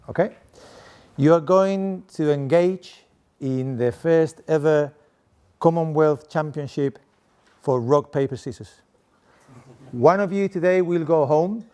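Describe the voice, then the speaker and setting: A middle-aged man with a Spanish accent and a fairly high, slightly mellow voice lectures as a professor to a seated audience at desks. Playful and chatty, he keeps the talk interactive and often checks in with "okay?".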